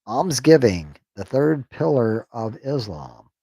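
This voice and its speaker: A man reading a text aloud on a stream, sounding out unfamiliar words haltingly and joking to himself. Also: mid-range voice, big pitch swings, creaky, mellow, husky, dry recording. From United States. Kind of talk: casual reading aloud on a livestream.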